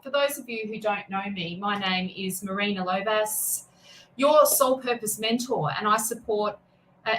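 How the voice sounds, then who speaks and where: A chatty woman reading tarot live for her viewers, her voice sitting at an ordinary middle pitch. She greets people by name and restarts her sentences as she goes, with a faint hiss of noise behind her. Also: a bit bright, low-quality recording. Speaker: tarot reader and spiritual mentor. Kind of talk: casual livestream chat.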